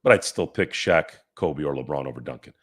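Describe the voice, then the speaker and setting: A man's voice: a bass voice, lively intonation, brisk. A man hosting a casual sports live stream, reading chat comments aloud and arguing back at them in rambling, restarting sentences.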